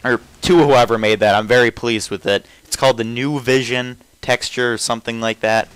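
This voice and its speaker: A man's voice: mid-range voice, steady tone, moderate pace, fairly bright tone, clean tone, no room sound, rough recording. A young man giving casual, rambling commentary over a video game, often stopping and restarting his thoughts. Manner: rambling, self-interrupting, trails off often. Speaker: gameplay commentator.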